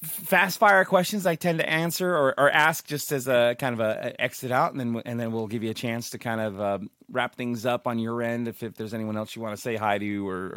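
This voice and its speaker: A man hosting a podcast, upbeat and joking, firing off quick questions. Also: medium pitch, fairly bright tone, no room sound, studio quality. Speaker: podcast host. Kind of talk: casual interview chat.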